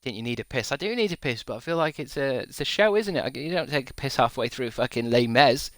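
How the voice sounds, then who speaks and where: A man's voice: medium pitch, lively intonation, quick pace, no room sound. Rambling, profane man streaming. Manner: rambling, jokey and profane, laughs at his own gags. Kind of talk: casual chat to a live stream.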